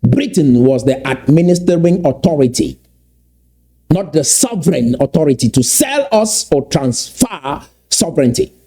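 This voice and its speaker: A man giving impassioned political commentary, emphatic and repeating key points slowly for weight. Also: on the high side, sing-song, warm tone, slightly rough.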